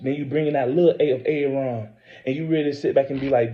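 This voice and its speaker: A man giving a rambling, preachy religious monologue, repeating himself, swearing and stumbling through scripture readings. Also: on the high side. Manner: reads scripture aloud haltingly. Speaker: self-posting religious speaker. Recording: dull lo-fi recording.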